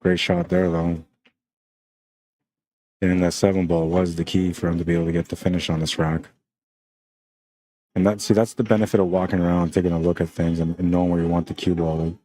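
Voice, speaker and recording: A relaxed male pool commentator with a Spanish accent and a low, mellow voice, talking the stream through each shot. He speaks in an even, unhurried tone, chatting loosely and often tossing in "man" and "like". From Canada. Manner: laid-back, chatty, peppered with "man" and "like". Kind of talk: casual live-stream commentary.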